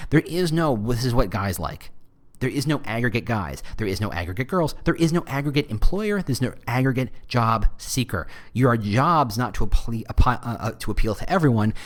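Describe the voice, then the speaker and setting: Guy doing a solo podcast, jokey and rambling, voice jumps all over the place. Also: medium pitch. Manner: animated, joking, conversational. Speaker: podcast host.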